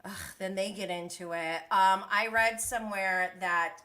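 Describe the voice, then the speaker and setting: A woman in her thirties rants through a reality show recap on her live stream in a bright, sharp, mid-range voice. Animated and exasperated, she swings between disbelief and frustration while slipping into quick impressions of the cast.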